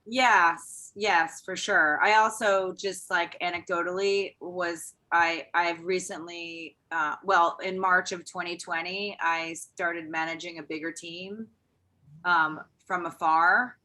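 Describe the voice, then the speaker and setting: A woman's voice: fairly low pitch, fairly even intonation, slow, bright, forceful tone. A woman speaks as a panel guest in a casual video-call discussion, candid and hesitant with many ums.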